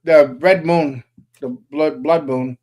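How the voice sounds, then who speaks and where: A man's voice: fairly high pitch, steady tone, takes it slowly, mellow. A man co-hosting a casual political chat show, rambling with lots of "uh" fillers and jokey asides. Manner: rambling, many "uh" fillers, joking. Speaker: co-host.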